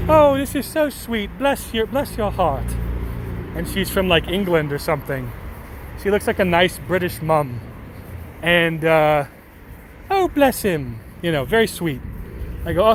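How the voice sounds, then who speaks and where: A man's voice: high-pitched, a little hiss or hum. A man chatting casually with viewers, reading their comments aloud in a rambling, self-deprecating way and swearing now and then. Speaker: streamer reading chat.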